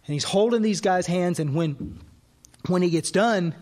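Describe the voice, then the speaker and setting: A man with a slightly high voice speaks at a recovery workshop, telling a personal story. He acts out both sides of a conversation, and his telling stumbles and restarts often as it builds. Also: moderate pace. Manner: animated, acts out dialogue, frequent restarts. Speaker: AA speaker and sponsor. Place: workshop hall.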